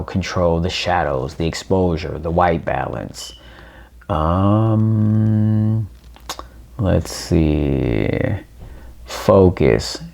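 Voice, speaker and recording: A man with a low, gravelly voice talks unhurriedly through a new phone's camera settings. He reads each on-screen prompt aloud as he goes and calls his viewers ladies and gentlemen, in an easygoing, thinking-out-loud walkthrough. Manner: addresses viewers as ladies and gents. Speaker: tech reviewer. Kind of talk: casual unboxing walkthrough.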